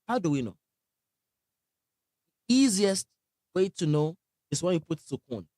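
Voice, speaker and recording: A man leads a live online recitation lesson. He is energetic, quizzes his class, and repeats sounds to show how they are made. His voice sits a little high, and the sound is dry and close. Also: unhurried, no room sound. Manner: asks the class questions. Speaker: Quran recitation teacher.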